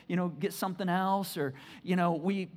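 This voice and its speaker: A man's voice: high-pitched, normal speed. Brief: emphatic male preacher in a church, stammers and repeats for punch. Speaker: pastor. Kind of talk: sermon.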